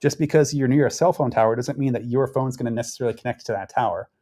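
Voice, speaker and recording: A man's voice: mid-range voice, quick pace, dark tone. A man giving casual, rambling political commentary, restarting his sentences often. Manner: rambling, conversational, frequent restarts and fillers.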